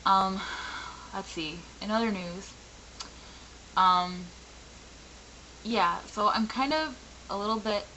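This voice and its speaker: Slightly raspy young woman with a bright voice. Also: medium pitch, slow pace, long pauses, slight background noise, rough recording. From Michigan, US. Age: 20s. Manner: candid, frustrated, rambling with many fillers. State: raspy from a sore throat. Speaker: vlogger. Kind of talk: personal venting vlog.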